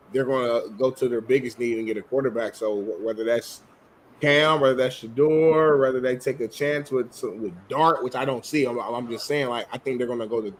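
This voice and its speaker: A man co-hosting a sports talk show, giving a relaxed, rambling opinion full of hedges. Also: mid-range voice, slight background noise, poor audio. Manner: laid-back, rambling, hedging with fillers.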